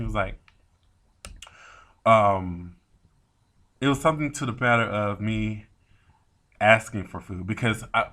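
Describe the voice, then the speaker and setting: Man, vlog storytime rant, animated, swearing, lowish pitch, bright forceful tone. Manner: rambling, animated, swears a lot, acts out both sides of quoted talk. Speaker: vlogger.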